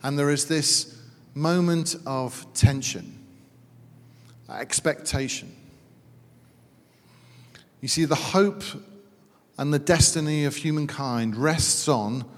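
British man preaching in an echoing hall. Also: mid-range voice. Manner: reads scripture slowly, then talks with lively humorous asides. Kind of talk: sermon. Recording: reverberant hall.

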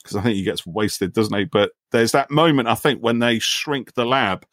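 A man talking in relaxed, casual conversation, full of enthusiasm and quick restarts. His voice sits at an ordinary middle pitch. The sound is dry and close, with no room around it. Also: no echo. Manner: animated, acts out quoted lines in a raised voice. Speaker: podcast co-host discussing a film. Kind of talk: casual chat.

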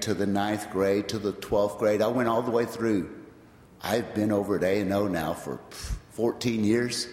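A man shares his personal testimony in church, in a fairly low voice. He tells his story plainly, coming back again and again to the turn "well, guess what." The sound is roomy, with a long church-hall reverb and faint noise behind. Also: a little mellow. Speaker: church member giving testimony. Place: large church sanctuary.

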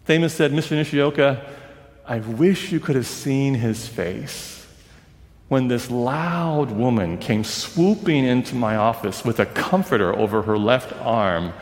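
Male preacher, storytelling sermon, mid-pitched voice, big hall reverb. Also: measured pace. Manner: acts out quoted voices, drops to a hush for emotional moments. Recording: long reverb of a large hall.

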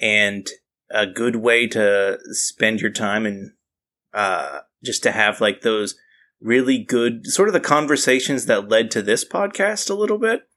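A man's voice: fairly low pitch, a little slow, a bit bright. A man co-hosting a podcast, joking crudely and telling stories in casual chat. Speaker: podcast co-host.

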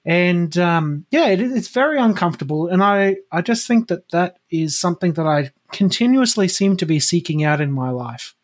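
A man's voice: sits high, lively intonation, normal speed, few pauses. A man hosting a podcast, talking reflectively in a casual way with lots of "like". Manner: reflective, many fillers like "like". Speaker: podcast host.

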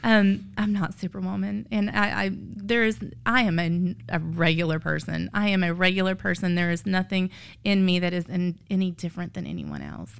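A woman's voice: fairly low pitch, normal speed, vocal fry, clean tone. A woman, a tired foster mother sharing her story as an earnest, emotional testimony of faith that rises to emphatic peaks. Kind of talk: heartfelt testimony.

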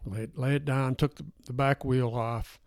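An older man co-hosting a podcast, telling a casual story with animated asides and frequent laughter. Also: medium pitch, normal speed, no echo, clean studio sound. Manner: animated anecdote-teller, laughs often. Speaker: podcast co-host.

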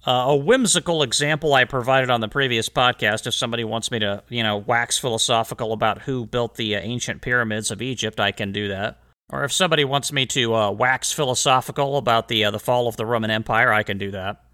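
A chatty man hosts a solo podcast with a bright, forward voice. He drifts into wry asides between readings. His pitch sits in the middle range for a man. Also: fast talker. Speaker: podcast host. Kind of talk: solo podcast talk reading historical letters aloud.

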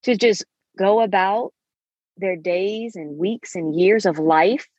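A woman's voice: mid-range voice, slow pace, a little mellow, dry recording. Woman, 30s, podcast host, emphatic motivational monologue, muffled and dry recording. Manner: emphatic, preachy, uses endearments.

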